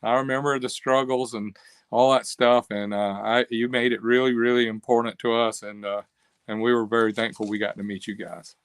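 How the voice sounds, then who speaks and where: Animated older man, dry close sound. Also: mid-range voice, moderate pace, smooth, no echo. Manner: animated storyteller, acts out quoted voices. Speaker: interview guest, cam company owner. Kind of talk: casual interview storytelling.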